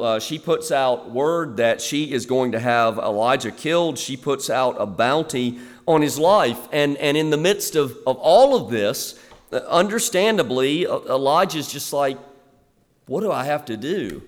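Man preaching in a reverberant hall. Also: medium pitch. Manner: animated preaching, swings between loud emphasis and quiet asides. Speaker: pastor. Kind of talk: expository sermon. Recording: long reverb of a large hall.

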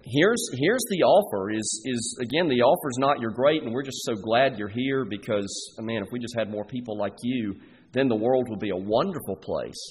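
A man preaching a sermon as pastor, earnest and deliberate, pausing between phrases. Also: mid-range voice, long reverb tail, a little hiss or hum.

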